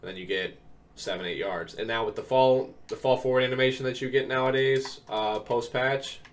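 This video game tips creator is a young man recovering from an illness, speaking fairly quickly in a medium-pitched, steady voice. His laid-back, um-filled commentary explains plays step by step. The mic is distant, with faint keyboard noise.

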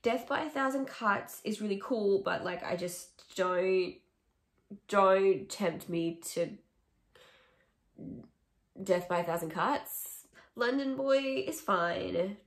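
A woman's voice: mid-range voice, takes it slowly, pauses often. Chatty, sarcastic young woman vlogger. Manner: chatty, opinionated, sarcastic asides. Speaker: music vlogger. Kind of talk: casual ranking chat to camera. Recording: echoey room.

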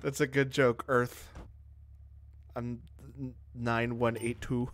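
A man's voice: mid-range voice, flat delivery, takes it slowly. A man streaming a game live, chatting casually and joking in a mock-boastful way, speaking close to his microphone. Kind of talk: casual gameplay chat. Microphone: close to the mic.

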